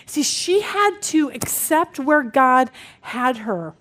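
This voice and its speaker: A woman in her forties teaching a women's Bible study, telling stories with lively energy and acting out the people in them. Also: high voice, slow. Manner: lively storytelling, acts out quoted people.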